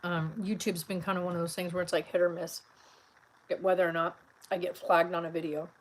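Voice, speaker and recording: A woman's voice: fairly low pitch, level tone, a little fast, a little hiss or hum, rough recording. A middle-aged woman vlogging in a casual, rambling chat, tired and full of fillers, talking from a car.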